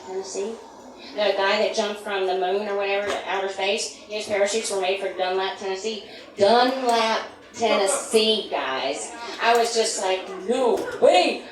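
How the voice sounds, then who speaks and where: A middle-aged woman from the United States doing a stand-up comedy set, rambling through self-deprecating asides. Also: lowish voice. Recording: echoey room from far, noisy.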